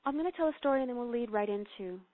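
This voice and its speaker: A woman guest telling a story and leading a guided meditation, earnest and gently instructive. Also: on the high side, expressive, very fast. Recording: phone-line audio.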